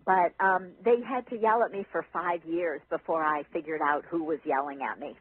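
A woman guest, an author and teacher, telling stories in a casual interview, animated and laughing often. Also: lowish voice, normal speed, few pauses, breathy edge, no room sound. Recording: phone-line audio.

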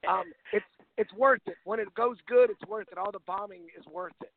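A man being interviewed as a guest on a phone line, talking in a relaxed way with many fillers. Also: sits high, fairly quick, creaky, no room sound.

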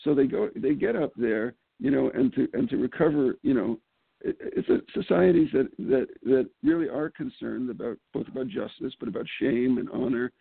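A man's deeply gravelly, husky voice comes through a thin, phone-like line. He talks casually as an interview guest. He tells stories animatedly, stumbles into restarts and laughs often. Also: expressive, normal speed, dry recording. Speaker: political candidate guest. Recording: phone-like call audio.

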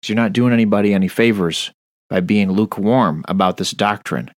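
A man's voice: on the low side, fairly quick, dry recording, clean studio sound. A man preaching a Bible study on a radio show, earnest and stern, reading scripture aloud. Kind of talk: sermon-style Bible study.

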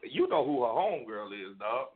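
A man's voice: medium pitch, big pitch swings, moderate pace. A man on a radio show telling a story in casual chat, rambling and profane, with many restarts. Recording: tinny phone-like sound.

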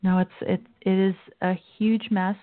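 A female talk show host giving measured, opinionated commentary. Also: medium pitch, level tone, a little hiss or hum. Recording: dry, phone-like line.

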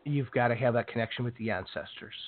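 A man's voice: medium pitch, fast. A man hosting a casual talk show, speaking loosely and saying "you know" a lot. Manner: filler-heavy, says "you know" often. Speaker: show host. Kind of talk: casual podcast conversation. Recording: dry, tinny phone-line sound.

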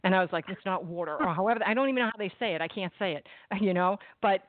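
A woman with a Boston accent hosting an interview, chatting casually and telling animated stories. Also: mid-range voice, racing, dry recording. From Boston area, US. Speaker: interview host. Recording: tinny, dry phone-line audio.

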